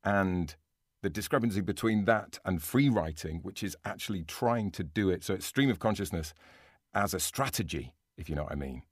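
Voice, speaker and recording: A man's voice: deep voice, lively intonation, normal speed, breathy edge, no echo, studio quality. A man co-hosting a writing podcast, chatting casually and thinking aloud with frequent restarts. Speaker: podcast co-host. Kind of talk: casual chat.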